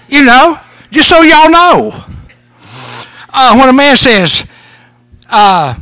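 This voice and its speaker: A pastor preaches in a folksy, chuckling way, telling jokes to his church. His voice sits high and swings up and down a lot. The sound is close and dry. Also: lively intonation, slow, pauses often, bright, forceful tone, no room sound. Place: church service.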